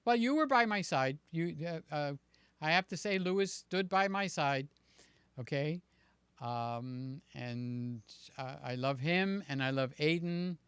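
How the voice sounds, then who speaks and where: A man hosting a live stream, chatting casually and warmly greeting his viewers by name. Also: on the high side, lively intonation, takes it slowly, clean tone, no echo. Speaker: livestream host.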